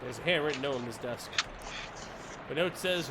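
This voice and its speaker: A man's voice: mid-range voice, normal speed, noisy background. A man streaming a video game, reading its text aloud with jokey asides. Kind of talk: casual game commentary.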